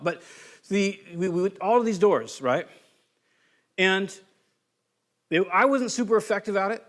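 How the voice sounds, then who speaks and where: A Californian pastor preaches a sermon in a high voice at normal speed. His storytelling is loose, conversational, and animated, with quotes acted out in character.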